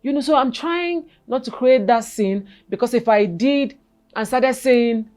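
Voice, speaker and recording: A woman in her forties, a guest telling her personal story in an interview, halting and repeating words, then turning animated. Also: fairly high pitch.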